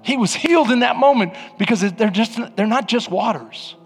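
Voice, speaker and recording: Man, pastor, sermon, animated conversational preaching, husky voice, long church reverb. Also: very high voice, normal speed, soft background music. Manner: animated, conversational preaching that builds to loud passages. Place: church sanctuary. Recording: long reverb in a large hall.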